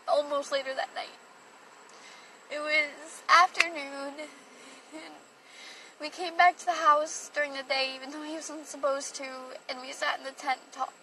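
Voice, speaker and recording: A woman's voice: sits high, sharp tone. A young woman telling a personal story on a phone livestream, rambling and emotional, with a lot of "like". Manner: rambling and emotional, heavy use of "like". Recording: distant from the mic, faint background noise.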